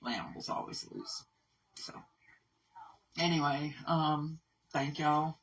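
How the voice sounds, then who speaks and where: Middle-aged woman, gravelly husky voice, emotional and rambly, kinda far from the mic. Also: deep voice, slow pace, slight background noise. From Kentucky. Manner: emotional, tearful, rambling and self-deprecating. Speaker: animal rescue founder. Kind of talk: casual personal video update.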